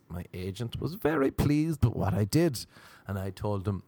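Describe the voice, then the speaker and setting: A young Irish man doing stand-up storytelling, animated and quick to act out other people's voices. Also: lowish voice, dry recording. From Ireland. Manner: animated, acts out voices in quotes. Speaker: comedian.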